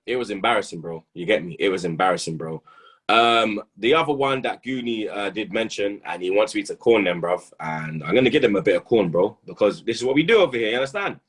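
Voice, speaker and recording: A young man, a football pundit who talks in loud, animated street slang and keeps saying "blood" and "you understand". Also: fairly low pitch, slightly rough. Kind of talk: casual football banter.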